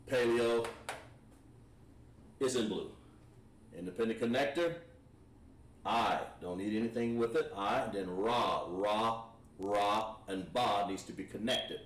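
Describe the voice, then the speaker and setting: With a lowish voice over slight background noise, a man calmly teaches an online language lesson, writing on a board and going step by step. The sound is echoey, captured by a mic placed at a distance.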